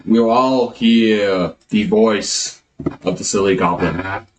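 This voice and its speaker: Slow-talking man streamer, third-person banter. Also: fairly low pitch, a little hiss or hum. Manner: refers to himself in the third person as Goblin; slow, rambling, thinks aloud. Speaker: live streamer. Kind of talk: casual live-stream chat.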